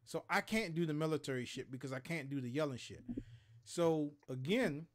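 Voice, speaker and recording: A man's voice: fairly high pitch, normal speed. A man in his thirties from Maryland telling profane stories on a casual gaming livestream, acting out the other people's lines as he goes. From Maryland, USA. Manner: profane, animated storyteller who acts out other people's lines. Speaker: co-host of a gaming talk show.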